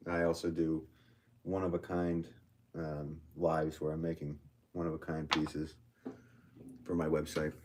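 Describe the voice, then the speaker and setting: A man's voice: rumbling low, slight background noise. A man from Connecticut with a Connecticut accent, a potter hosting a livestream from his studio, reading viewer comments and joking at his own expense. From Connecticut, USA. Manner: chatty, joking, self-mocking, restarts often.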